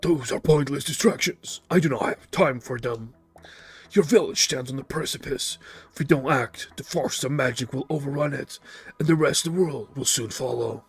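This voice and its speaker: Man doing terse male slayer, cold, clipped, game hero, middle pitch, faint music behind. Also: normal speed, husky. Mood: grim. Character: stern reclusive male monster slayer.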